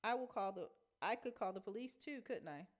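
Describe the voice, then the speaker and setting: A woman's voice: medium pitch, expressive, a little fast, close to an everyday voice. A woman reading a novel aloud, voicing a wary young girl who speaks in a guarded, hesitant way.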